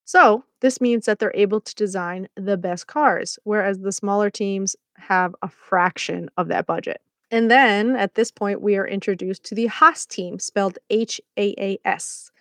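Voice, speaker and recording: A woman's voice: mid-range voice, unhurried, a bit bright, no echo, studio quality. A woman hosting a podcast, recapping a series episode in a chatty, playful way with sarcastic asides. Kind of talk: casual scripted commentary.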